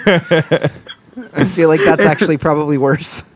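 A man's voice: on the high side, slow, over a noisy crowd. A man in a casual podcast chat, searching for words and speaking emphatically. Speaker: podcast co-host.

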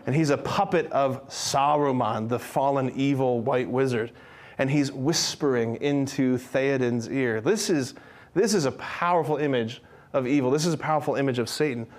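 A young man giving an animated religious teaching talk to a live group, acting out quotes and joking with listeners. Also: mid-range voice, moderate pace. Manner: animated, acts out quotes, jokes with audience. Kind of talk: lively Catholic teaching talk.

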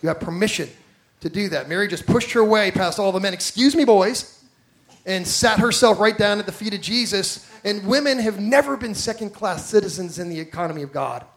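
A man's voice: high-pitched, a little fast, a bit bright. A man preaching a sermon, telling stories animatedly and acting out the people he quotes, asking the congregation direct questions. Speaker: pastor.

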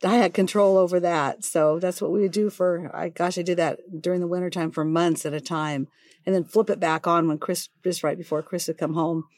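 A woman's voice: on the low side, fairly even intonation, brisk, a little mellow, no echo. A woman in her sixties, chatting and laughing as she tells her side of a family story in casual conversation. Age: 60s.

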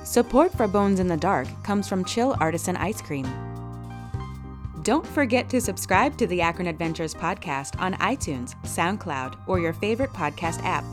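A woman narrating a children's storybook podcast as its host, in a calm, even, scripted manner. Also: on the low side, moderate pace, music in the background.

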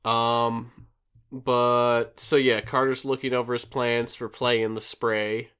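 A man's voice: medium pitch, level tone, slow pace, a bit bright, clear, resonant tone. A man hosting a podcast who recaps a show in a rambling, casual way, full of fillers. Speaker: podcast host recapping an episode. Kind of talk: casual chat.

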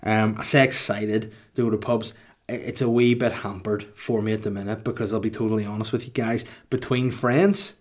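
A man's voice: on the low side, little pitch movement, a little fast, a little mellow. A man hosting a comedy podcast alone, rambling and self-mocking as he jokes. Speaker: podcast host. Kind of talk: comic solo podcast monologue.

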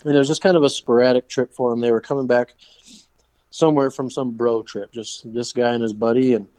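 A man's voice: mid-range voice, fairly even intonation, brisk, mellow, no room sound. A man, a fishing guide, telling casual stories as a podcast guest, rambling with fillers and laughing as he goes. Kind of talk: casual storytelling.

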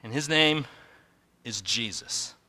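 A man preaching a sermon in earnest, building to emphatic peaks and then dropping low and slow. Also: animated, sharp tone, in a large hall. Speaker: pastor.

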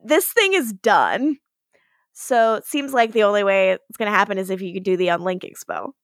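A woman's voice: mid-range voice, expressive, no echo. Laughing woman recapping scenes, dry mic. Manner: retells scenes in quick paraphrased dialogue, laughs often, swears. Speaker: podcast co-host. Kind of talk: casual recap chat.

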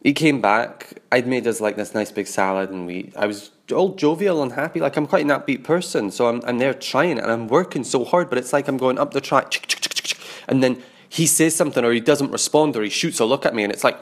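A man recording a confessional audio diary, expressive and sweary, mimicking sounds and other people's voices as he recounts events. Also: mid-range voice. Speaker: diarist.

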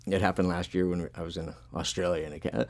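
Deep, level and quick-paced, a man's voice carries a casual chat. He's a podcast host and punk musician telling long rambling stories, laid-back, with plenty of swearing and filler words.

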